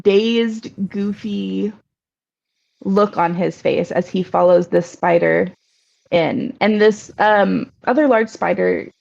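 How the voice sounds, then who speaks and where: Woman running a tabletop game, halting narration, dull lo-fi audio. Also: medium pitch, gravelly, a little mellow. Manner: hesitant, full of pauses. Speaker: game master. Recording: dull lo-fi recording.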